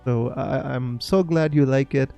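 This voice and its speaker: A young Indian man with an Indian English accent, chatting casually on a live stream, halting with many fillers as he answers viewers. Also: mid-range voice, creaky, warm tone, clear, resonant tone, dull audio, soft background music. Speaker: fantasy football streamer.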